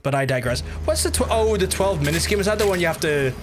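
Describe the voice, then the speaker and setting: A man talking over his gameplay stream in a rambling, sweary way, tossing chatty asides to his viewers. His mic sits close to his mouth, and steady noise runs under the audio. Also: high-pitched, fast. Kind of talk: casual gameplay livestream commentary.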